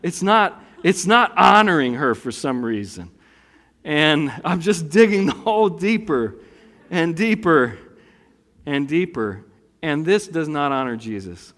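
Male preacher, chatty storytelling sermon, slightly high voice, big echoing hall. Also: animated, a little slow, fairly bright tone. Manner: conversational storytelling with acted asides. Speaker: pastor. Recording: long hall reverb.

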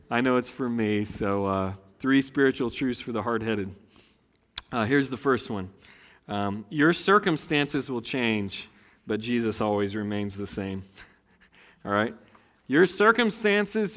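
A middle-aged man, preaching a conversational sermon after a quiet prayer. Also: medium pitch. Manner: conversational, folksy, swings from hushed prayer to animated preaching. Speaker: pastor. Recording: long reverb in a hall.

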